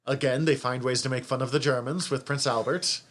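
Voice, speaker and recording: A man co-hosting a podcast in casual chat, animated and often swearing as he exclaims. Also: mid-range voice, fairly quick. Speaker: podcast co-host.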